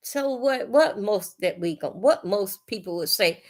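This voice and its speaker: A woman hosting a casual livestream, talking bluntly and profanely in an animated, storytelling way. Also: mid-range voice, a little slow, hardly any pauses. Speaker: livestream host. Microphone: phone or webcam on livestream.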